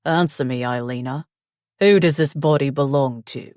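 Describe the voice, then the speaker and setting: Woman voicing a husky, commanding mafia husband. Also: normal speed, darkish tone, no echo, clean studio sound. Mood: possessive. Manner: low, husky, domineering. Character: possessive, commanding young male mafia husband. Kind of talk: audiobook character voice.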